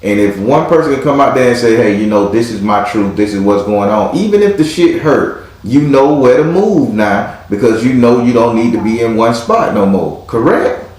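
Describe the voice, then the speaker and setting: A man's voice: mid-range voice, animated, normal speed, few pauses, a little mellow. Profane, hyped-up man reading tarot. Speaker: tarot reader. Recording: very echoey room.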